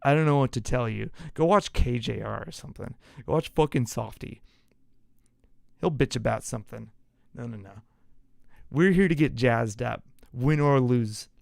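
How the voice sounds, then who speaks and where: A young man hosting a sports show, talking in an excitable, profane, pumped-up way. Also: medium pitch, normal speed, gravelly, no echo, clean studio sound. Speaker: sports podcast host. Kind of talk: casual hyped-up sports talk.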